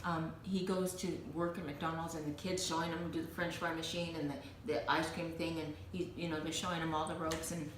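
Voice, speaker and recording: A woman's voice: low voice, fairly quick, few pauses. A woman co-hosting a casual chat show, telling stories with lots of laughter. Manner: chatty, laughing, animated storyteller. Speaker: co-host. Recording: echoey room, distant mic, noisy.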